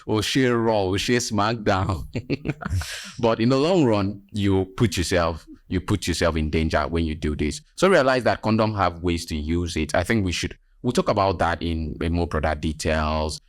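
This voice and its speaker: A man's voice: sits low, expressive, moderate pace, few pauses, no echo. A man with a Nigerian accent hosting a health podcast as a nurse, talking emphatically with teasing asides.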